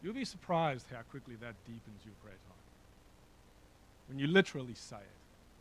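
A man's voice: medium pitch, big pitch swings, normal speed, pauses often, a bit bright, slight background noise, rough recording. A man preaching a sermon in a conversational way, with frequent fillers and asides. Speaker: pastor. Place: church hall with a slideshow.

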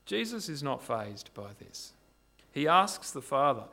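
A man preaching a sermon, retelling a story in an animated way and asking rhetorical questions. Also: medium pitch, measured pace, creaky. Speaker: pastor.

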